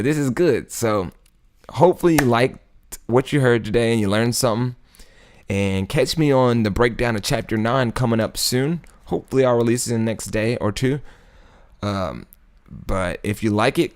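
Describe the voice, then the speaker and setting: A man with a mid-range, slightly dark voice hosts a casual YouTube Bible study. He retells the story in a relaxed, slangy style, chuckling often.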